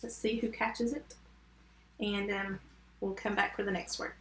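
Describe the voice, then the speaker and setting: A woman gives a first grade phonics lesson online, slowly breaking words into sounds and patiently explaining each step. She speaks in a flat, mid-range voice, and the recording is reverberant.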